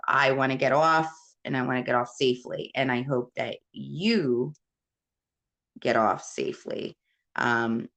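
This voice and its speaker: A woman with a low, gravelly voice hosts a casual live chat. She talks slowly and candidly, answering viewer comments with plenty of fillers and self-deprecating asides. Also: a bit bright. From Puerto Rico. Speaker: host.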